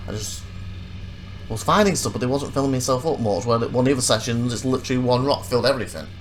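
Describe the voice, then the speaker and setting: A man casually commenting over his own gameplay footage as a let's play host, rambling and correcting himself, getting animated when he retells his frustrations. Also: medium pitch, fast talker, soft background music.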